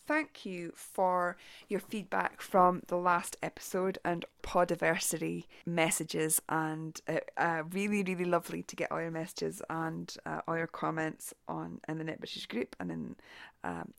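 A woman's voice: fairly low pitch, vocal fry, dry recording. A woman with a mild Shetland Scottish accent hosting a knitting podcast in a chatty, rambling way. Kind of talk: casual solo podcast.

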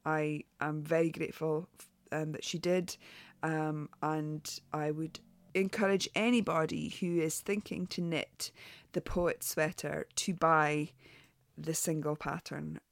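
A woman hosts a knitting podcast, giving a chatty, frank spoken review of patterns full of ums and restarts. Her voice is deep and slow with fairly even intonation, and there's no room sound.

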